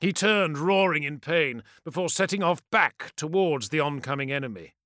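A man narrates a dark fantasy audiobook in a theatrical, building voice. His pitch swings lively and his tone is bright and forceful. The sound is close and dry. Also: moderate pace, no echo. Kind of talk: scripted dramatic fantasy narration.

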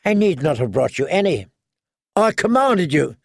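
A man's voice: a little high, very animated, measured pace, dry recording, clean studio sound, full character voice. A man doing a furious young lord. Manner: strained, shouting protest. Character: angry young male lord, proud and desperate.

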